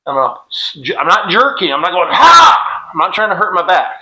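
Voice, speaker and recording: A man's voice: high-pitched, expressive, fast talker, pushed and bright, slightly rough, rough recording. A middle-aged man leading a workout drill in a casual, joking way, calling out cadence counts with a clip-on mic. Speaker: fitness instructor. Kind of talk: demonstrating an exercise drill.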